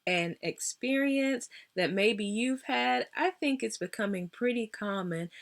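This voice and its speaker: A woman's voice: on the high side, unhurried, gravelly. A woman hosting her own vlog, telling a story casually and acting out both sides of a phone call. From United States. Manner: animated, acts out both sides of phone calls. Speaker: vlog host.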